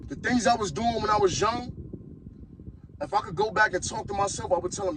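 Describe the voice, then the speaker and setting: A gravelly, high-pitched voice, expressive and fairly quick, comes through over background noise. The speaker is a Harlem, New York podcast host firing off a blunt, mocking rant in heated street talk.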